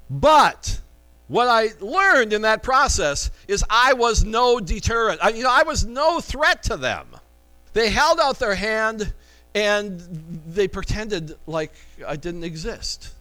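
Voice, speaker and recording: Male pastor, high voice, conversational preaching style, rhetorical questions. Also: sharp tone, low-quality recording. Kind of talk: sermon.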